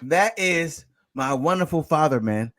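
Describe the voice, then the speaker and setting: A man guest on a business show, talking with lively energy and frequent restarts. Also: a little high, unhurried. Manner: energetic, warm storytelling with restarts. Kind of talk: casual interview talk.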